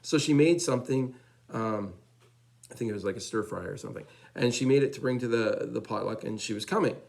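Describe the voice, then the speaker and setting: A man giving a storytelling testimony at church, animated and chatty, acting out the dialogue of the people in his story. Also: mid-range voice, a little fast, creaky, low-quality recording. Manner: loose and chatty, repeats fillers. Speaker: church member giving a praise report.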